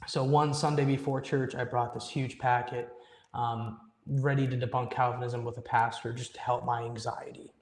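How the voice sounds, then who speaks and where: A man's voice: medium pitch, flat delivery, normal speed. A young man earnestly telling a personal story as a guest in an interview, often quoting his own past thoughts with emphasis. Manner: earnest, emphatic storytelling with quoted inner speech. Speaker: guest musician. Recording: echoey room with long reverb.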